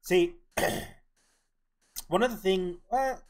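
A man's voice: high voice, extremely slow. A young man streaming a game live, chatting casually and muttering his plans to himself as he plays. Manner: mumbling to himself, thinking aloud. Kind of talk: casual live-stream commentary while playing.

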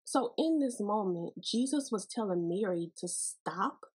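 Woman podcast host, Bible teaching, folksy and playful, breathy tone. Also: medium pitch, lively intonation, unhurried, a little mellow, rough recording.

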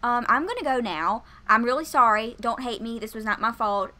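A young woman commentates a life-sim game, stammering as she panics. Her voice sits a little high, and she keeps turning to her viewers. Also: lively intonation, brisk, pushed and bright. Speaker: gaming video host. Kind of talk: let's play commentary.

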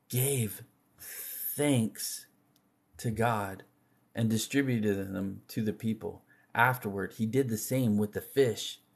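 Slow, husky man reading scripture. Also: on the low side, a little mellow. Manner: slow and measured, with slips and restarts. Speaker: scripture reader.

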